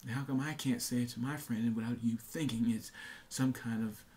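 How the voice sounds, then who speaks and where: A man's voice: mid-range voice, steady tone, moderate pace, mellow. A young man talking earnestly to his camera in a casual monologue, repeating himself with many fillers and restarts. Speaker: vlogger.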